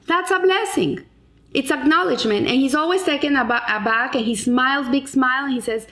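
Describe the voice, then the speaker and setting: A woman's voice: high-pitched, a little fast, fairly bright tone. Earnest woman teaching a Torah lesson. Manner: earnest, with frequent restarts and Hebrew terms. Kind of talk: explaining a weekly Torah lesson.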